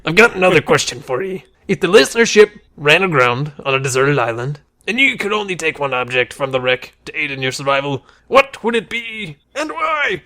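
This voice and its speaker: Man doing a hammy dwarf pirate voice, rough put-on accent, fairly high pitch. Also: sing-song, brisk, few pauses, sharp tone, heavily acted. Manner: hammy put-on accent while reading aloud. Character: gruff dwarf-like male pirate reader.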